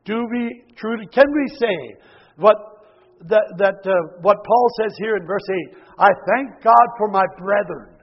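A man preaching a sermon, swinging from loud exhortation to hushed near-whispers, often repeating words and restarting. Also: high-pitched, measured pace. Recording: dull lo-fi recording with long hall reverb.

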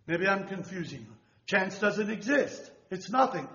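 An older man preaches a rambling sermon in a fairly high voice, searching for his words and checking that his listeners follow. The recording is dull and lo-fi, and the room echoes around him. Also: big pitch swings, a little slow, fairly bright tone. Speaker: lay preacher.

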